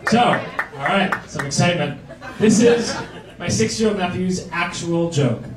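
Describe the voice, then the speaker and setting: A man performing a stand-up comedy set on a club stage, telling stories with animated acted-out voices over audience laughter. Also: high voice, measured pace, background noise. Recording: roomy live club sound from a distance.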